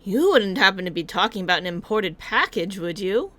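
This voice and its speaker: A woman's voice: mid-range voice, lively intonation, fairly quick, a bit bright, natural voice. A woman voicing a polite, fretful alchemist in a game read-along, speaking in a courteous, formal way. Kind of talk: reading game dialogue aloud.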